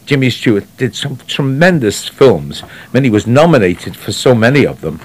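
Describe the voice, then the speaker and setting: A man's voice: medium pitch, sing-song, moderate pace. A man chatting casually on the radio, telling rambling anecdotes that trail off. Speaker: radio guest on classic actors.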